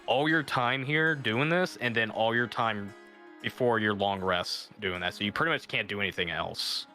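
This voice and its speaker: Casting: bright, chatty male game master, rambling explanations, music bed. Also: lowish voice, moderate pace. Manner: rambling, many fillers and restarts. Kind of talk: narrating a tabletop game.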